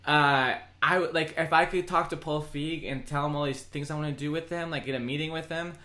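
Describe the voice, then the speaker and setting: A man's voice: on the high side, steady tone, fairly quick, sharp tone. A young man hosting a casual comedy podcast, teasing and joking with his guest.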